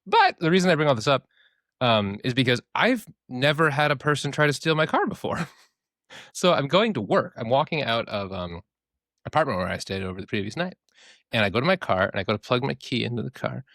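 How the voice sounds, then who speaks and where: Animated, swearing young man. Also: mid-range voice, brisk, no room sound, clean studio sound. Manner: animated storyteller, swears freely, mimics voices. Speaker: podcast co-host. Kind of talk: casual podcast chat.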